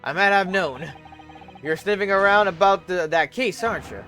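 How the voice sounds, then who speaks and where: A man voicing a gruff, hostile male prison governor with a put-on rural lilt, reading the lines stiffly and stumbling over them. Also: high-pitched, moderate pace, sharp tone, soft background music, voice pushed up.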